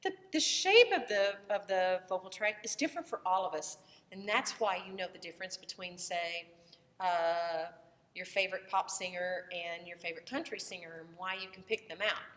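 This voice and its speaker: A woman's voice: on the low side, moderate pace, fairly bright tone, big-room sound. A woman voice teacher who has a cold, explaining the vocal tract in a loose, conversational lesson and breaking into short vowel demonstrations.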